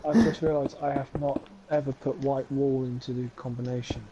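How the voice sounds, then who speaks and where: A man's voice: mid-range voice, steady tone, moderate pace. A man streaming a block-building game, chatting in a laid-back, joking way with a friend. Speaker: gaming streamer. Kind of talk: casual let's-play chat. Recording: muffled, lo-fi stream audio with clear background noise.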